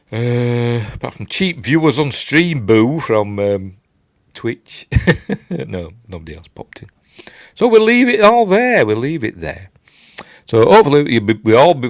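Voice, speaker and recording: Rambling older Yorkshire man, lively pitch. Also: dry recording, clean studio sound. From Yorkshire, England. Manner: rambling, chatty, self-deprecating, reads viewer comments aloud. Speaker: host. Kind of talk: casual live-stream chat. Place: at home late at night.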